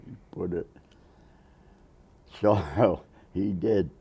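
An older man, a Navy veteran, telling an oral history story with animated quoted voices. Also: low-pitched, drawn-out words, creaky, husky.

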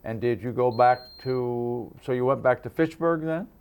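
A man interviewing a veteran for an oral history, asking gentle follow-up questions. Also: medium pitch, moderate pace, smooth. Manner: gentle prompting questions, restating answers.

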